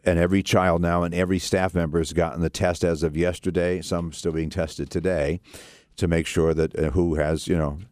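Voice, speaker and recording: A man with a very low, darkish voice hosts a radio talk show, speaking at a moderate pace with a flat delivery. He rambles earnestly and often restarts his sentences. The studio sound is dry and close, with no echo.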